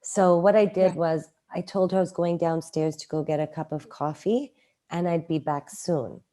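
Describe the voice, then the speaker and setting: A middle-aged woman telling a personal story in a casual interview, animated and acting out quoted lines. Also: moderate pace. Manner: animated, acts out quoted lines with raised pitch. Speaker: guest.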